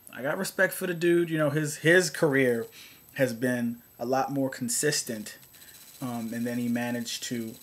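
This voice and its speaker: A man talking casually to camera in a rambling, sarcastic rant. He keeps restarting his sentences and swings between low mutters and high, exasperated outbursts. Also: a little hiss or hum. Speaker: vlogger.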